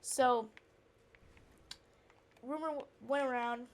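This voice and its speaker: A woman's voice: sits high, steady tone, takes it slowly. A woman rambling through an indignant personal story while playing a game, with lots of fillers and restarts. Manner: breaks off to react to the game. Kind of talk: casual storytelling chat.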